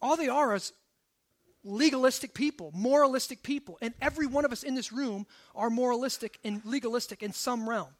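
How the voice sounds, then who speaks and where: Male pastor, very high voice, sermon delivery with loud emphatic runs and quiet asides. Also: brisk. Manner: shifts between forceful emphasis and hushed low asides. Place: church service.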